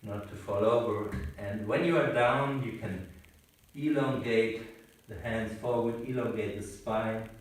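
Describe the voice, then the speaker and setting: Slow and calm, a man with a fairly low voice talks a yoga class through its instructions while on a sailboat. It's captured by a distant camera mic, giving roomy, far-away audio.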